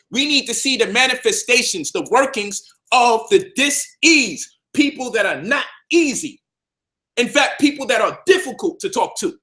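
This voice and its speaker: A man talks straight to camera in a preachy, combative monologue. His voice sits high and carries a bright, forceful edge. He hammers his points home and repeats them for stress. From Brownsville, Brooklyn, New York. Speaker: health and conscious-community speaker.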